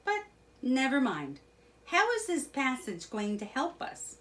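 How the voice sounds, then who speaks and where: A woman plays a vain, excitable toad from a children's storybook, his voice pushed up high and bursting out loud. He swings between bragging and wailing, and the pitch jumps all over. The pace stays unhurried. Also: a little hiss or hum, exaggerated voice. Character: boastful, excitable male toad, emotional.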